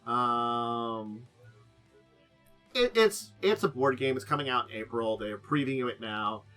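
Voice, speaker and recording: A man's voice: mid-range voice, expressive, a little slow, sharp tone, soft background music. A man hosting a casual talk show about tabletop games, rambling with many fillers and trailing asides.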